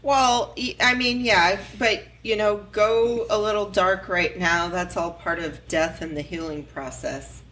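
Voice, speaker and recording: A woman co-hosting a casual podcast chat, speaking gently and consolingly. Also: medium pitch, fairly even intonation, measured pace, hardly any pauses, poor audio. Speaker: podcast co-host.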